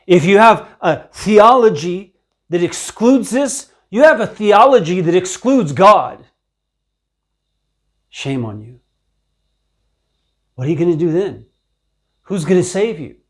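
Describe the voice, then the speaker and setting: A man delivers a stern sermon, rebuking his listeners in a terse but gentle tone. His voice sits high and swings widely in pitch, and he speaks slowly, leaning on each phrase. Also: lively intonation. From Ukraine. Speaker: preacher. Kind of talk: scripture teaching sermon.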